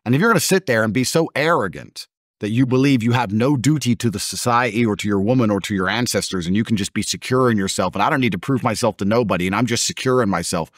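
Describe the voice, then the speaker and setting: A man's voice: fairly low pitch, fast, no room sound, clean studio sound. A man in his thirties speaking as an interview guest, blunt and emphatic, mocking and acting out other people's voices. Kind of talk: combative conversational interview.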